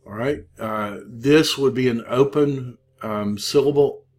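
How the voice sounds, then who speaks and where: A man teaching a Hebrew grammar class, talking slowly with many pauses and fillers. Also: medium pitch, darkish tone. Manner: slow, halting, many fillers. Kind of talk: classroom lecture.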